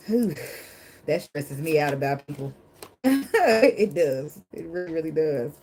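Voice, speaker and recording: A woman with a lowish voice talks through a casual tarot reading, emphatic and dramatic. She swears freely, laughs often and drifts into preachy asides about faith. A faint hiss of background noise sits under her voice. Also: lively intonation, measured pace, a little mellow, rough recording. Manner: calls herself dramatic. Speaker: tarot reader.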